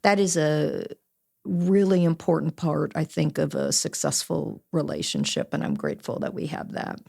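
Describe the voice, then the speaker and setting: A woman guest with a low, gravelly voice, speaking in a measured and reflective way. She thinks aloud and sometimes restarts a phrase. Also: expressive, a little mellow. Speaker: guest, team executive. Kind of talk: casual interview chat.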